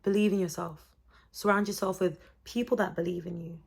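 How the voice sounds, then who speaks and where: Gravelly-voiced young woman. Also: lowish voice, brisk. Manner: chatty, expressive, faith-based encouragement. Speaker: vlogger. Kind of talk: motivational talk to camera.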